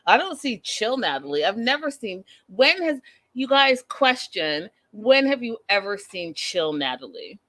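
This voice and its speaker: A woman host chats her way through a reality-show recap in a loose, animated way. She talks to the viewers directly and laughs at her own jokes, keeping it casual. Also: mid-range voice, a little slow. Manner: chatty, animated, laughing at herself, asides to viewers.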